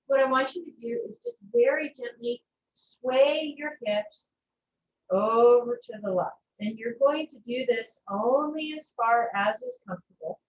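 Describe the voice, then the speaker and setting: A woman teaching a yoga class over a video call, giving slow, gentle, soothing cues. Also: on the high side, a little hiss or hum. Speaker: yoga instructor. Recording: far-off, echoey, muffled video-call audio.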